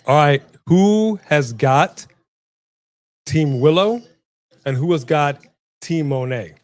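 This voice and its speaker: A man's voice: fairly high pitch, slow, pauses often, no room sound. A man co-hosting a wrestling watch-along stream, chatting casually and calling out to the live chat. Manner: chatty, animated, addresses the chat.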